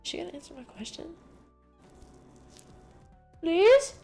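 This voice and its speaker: A woman streamer chatting casually to her viewers, rambling, excitable and full of swearing. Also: medium pitch, moderate pace, music in the background. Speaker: livestreamer. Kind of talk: casual livestream chat.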